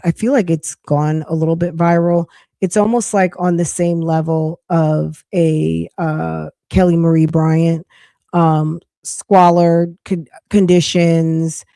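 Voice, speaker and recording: A woman hosts a chatty live podcast, her voice getting hoarse. Her tone is low and mellow, and she rambles and restarts as she talks. The sound is dry and close. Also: no echo. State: losing her voice. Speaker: podcast host. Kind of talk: casual live-stream chat.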